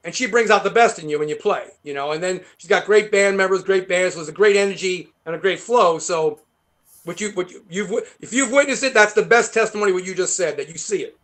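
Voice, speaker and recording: A man with a heavy New York accent, a guest guitarist rambling through animated stories in a casual interview. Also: sits high, quick pace. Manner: rambling, animated storytelling with many fillers.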